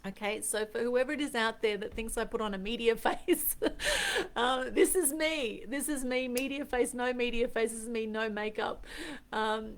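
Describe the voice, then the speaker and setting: A woman's voice: on the high side, steady tone, moderate pace. A middle-aged woman with an Australian accent speaks straight to camera on a live stream. She is earnest and reflective and circles back to repeat her key lines for emphasis. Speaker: host. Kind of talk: unscripted Facebook Live chat.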